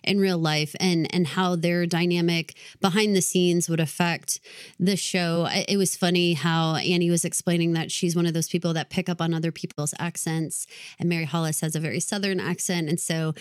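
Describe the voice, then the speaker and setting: A woman co-hosting a podcast, talking in a relaxed, earnest way. Her voice sits a little low for a woman, and the sound is dry and close. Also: normal speed, smooth, dry recording. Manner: earnest and enthusiastic, conversational. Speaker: podcast co-host. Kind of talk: casual podcast chat.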